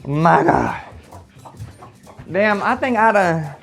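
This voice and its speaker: A man's voice: fairly high pitch, lively intonation, drawn-out words, vocal fry. Sassy man chatting to farm animals. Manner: sassy, profane, theatrical asides to animals. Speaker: comedian doing farm chores. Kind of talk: casual vlog talking to farm animals. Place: outdoors on a farm.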